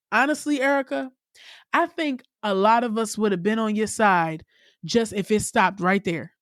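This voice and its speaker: A woman hosting her own podcast, talking candidly and with plenty of profanity, her voice leaping up in pitch when she gets worked up. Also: normal speed, dry recording, clean studio sound. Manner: candid, profane, animated storytelling with sudden pitch jumps. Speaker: podcast host. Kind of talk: casual solo podcast monologue.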